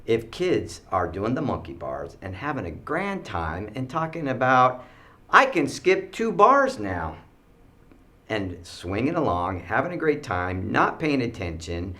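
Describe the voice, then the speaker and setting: A man teaching students school rules with animated storytelling, acting out the kids' voices. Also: lowish voice, a little slow, few pauses.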